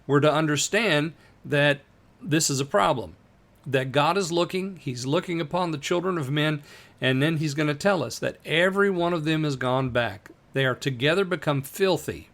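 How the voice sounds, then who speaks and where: A man teaching a Bible lesson in a relaxed, conversational way, slowing down to read scripture verses aloud with emphasis. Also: on the high side.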